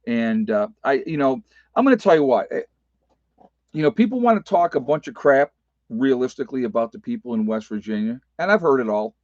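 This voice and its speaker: Animated and brisk, this prepper vlogger's mid-range voice is a little mellow as he reads live comments and chats with viewers from his rural off-grid homestead. He talks in a folksy, emphatic way, often repeating himself and using fillers. Dull audio, no room sound.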